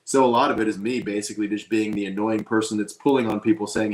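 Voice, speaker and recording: A man's voice: on the low side, steady tone, fast talker. A man, an actor being interviewed, talking in an earnest, rambling and self-deprecating way, often restarting his sentences. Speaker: actor guest. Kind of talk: casual interview chat. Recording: roomy echo.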